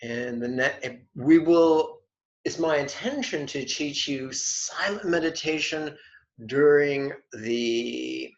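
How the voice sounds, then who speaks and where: A man teaching meditation in an online lesson, speaking deliberately and dropping in playful, wry asides. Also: fairly high pitch, creaky. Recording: dull lo-fi webinar audio.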